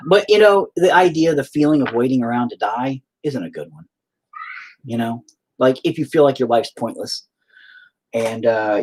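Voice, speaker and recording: A middle-aged man rambles to his livestream chat in a frank, confessional way, swearing at nearly every turn. His pitch swings up and down a lot as he talks, with a faint hiss of noise behind him. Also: animated, normal speed, darkish tone. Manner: rambling, heavily profane, frank. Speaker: musician streaming to chat. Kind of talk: casual confessional livestream monologue.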